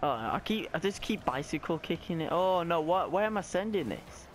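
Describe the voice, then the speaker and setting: A young man giving live, excitable commentary on his own gameplay, often shouting and squealing as his voice cracks high. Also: moderate pace, slight background noise. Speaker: gaming YouTuber.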